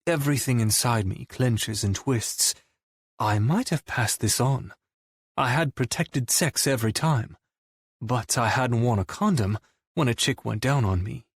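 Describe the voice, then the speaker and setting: A man narrating a romance audiobook in the first person with a brooding, low-key delivery. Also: expressive, measured pace, husky, no echo, clean studio sound.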